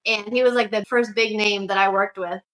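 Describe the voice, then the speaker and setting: A woman's voice: medium pitch, fairly even intonation, normal speed, fairly bright tone, low-quality recording. A young woman from Syracuse, New York, talking casually as a guest about her shoe business, with lots of "like" fillers. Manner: chatty, frequent "like" fillers, storytelling. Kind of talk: casual interview conversation.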